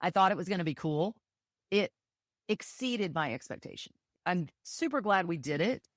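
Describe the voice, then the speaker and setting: Chatty low-voiced woman podcast guest. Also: lively intonation, normal speed, no room sound, clean studio sound. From Texas. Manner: chatty, enthusiastic storyteller with many fillers. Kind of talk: casual interview chat.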